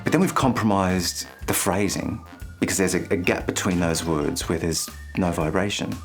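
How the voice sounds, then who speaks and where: A man hosting a singing lesson, speaking clearly and playfully and singing short phrases to show the point. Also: low-pitched, normal speed, faint music behind. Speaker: vocal coach and channel host.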